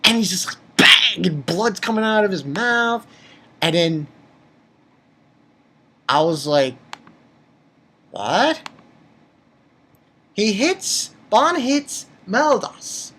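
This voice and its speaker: A man giving an excitable, rambling recap of a manga chapter, repeating himself, swearing casually and jumping into high squeaky voices when he quotes. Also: very slow, pauses often. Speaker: manga reviewer.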